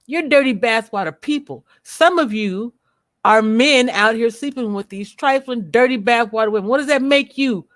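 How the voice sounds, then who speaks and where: A woman's voice: a little high, no echo, studio quality. Blunt, profane woman ranting on a livestream. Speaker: livestream host. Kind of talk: unscripted livestream commentary.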